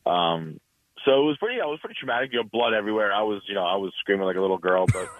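A male caller with a lowish voice rambles through his story quickly, full of fillers. The sound is thin and phone-like. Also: animated, no room sound. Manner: rambling, fast, lots of fillers. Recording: tinny phone line.

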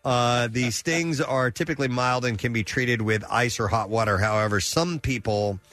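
A man's voice: medium pitch, moderate pace, a bit bright, dry recording. A man hosting a casual talk show, reading odd news stories aloud with frequent uh fillers and self-corrections. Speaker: news segment host.

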